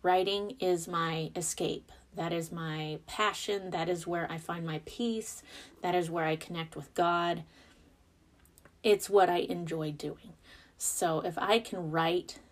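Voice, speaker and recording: Woman in her thirties, podcast host, casual monologue, fairly low voice, expressive and self-deprecating. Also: slow pace. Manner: chatty and expressive, devout, self-deprecating asides.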